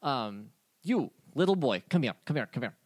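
A brusque sorceress barks short, halting orders in a tabletop game, her voice raised a little above the speaker's own, as a game master puts her on. The recording is close and dry. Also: rumbling low, big pitch swings, a little mellow, dry recording, full character voice. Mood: commanding. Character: brusque woman who puts people to sleep.

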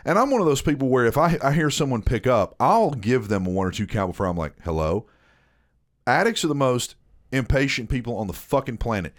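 A man's voice: mid-range voice, a little fast. A man in casual chat, telling a story with lots of swearing and acted-out dialogue. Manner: profane, animated, reenacts dialogue. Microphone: headset.

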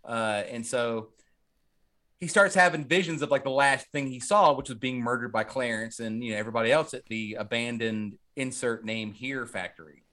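A man's voice: medium pitch, moderate pace, pushed and bright. A man co-hosting a podcast, recapping a movie in rambling, jokey casual chat full of fillers. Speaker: podcast co-host.

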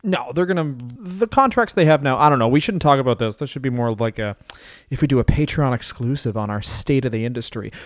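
A man's voice: mid-range voice, expressive, fast talker, dry recording, studio quality. Giggly male comedian riffing on a podcast. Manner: laughs often, riffing jokes. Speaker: podcast co-host, stand-up comedian. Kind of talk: casual comedic podcast chat.

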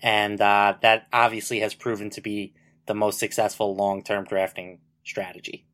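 A man co-hosting a sports betting podcast, giving relaxed analysis with lots of fillers. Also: lowish voice, moderate pace. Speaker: podcast co-host. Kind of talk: casual sports betting chat.

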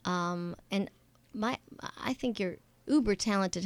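A woman's voice: medium pitch, slow pace. A woman guest telling a story in casual chat, playful and giggly. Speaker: guest, Broadway performer.

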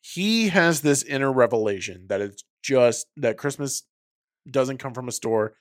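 Young male co-host, mid-pitched, laid-back, swears, slows for emphasis; dry recording. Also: lively intonation, no room sound. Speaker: podcast co-host. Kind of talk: casual chat.

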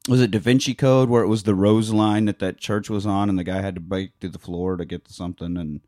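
A man's voice: sits low, steady tone, fast talker, dark tone, dry recording, studio quality. A man co-hosting a podcast, recapping a film in a casual, joking, profane way. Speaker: podcast co-host. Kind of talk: casual movie recap chat.

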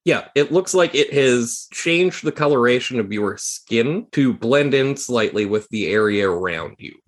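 Man, game master, calm descriptive narration, tabletop game. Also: mid-range voice, measured pace.

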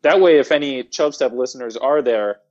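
A man's voice: mid-range voice, moderate pace, darkish tone. A man co-hosting a podcast in casual chat, mischievously laying out a prank scheme. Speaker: podcast co-host. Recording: slightly dull sound.

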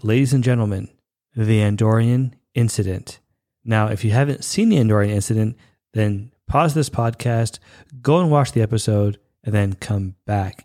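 A man hosting his own solo podcast, talking eagerly and playfully, loosely acting out characters' lines as he retells a story. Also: medium pitch. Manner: animated, playful, acts out quotes loosely. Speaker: podcast host. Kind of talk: enthusiastic solo podcast talk.

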